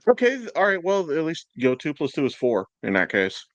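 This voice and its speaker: A man's voice: on the high side, wildly swooping pitch, fairly quick, dry recording. Profane rambling male podcast host. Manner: profane, rambling, laughs often. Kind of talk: casual chat.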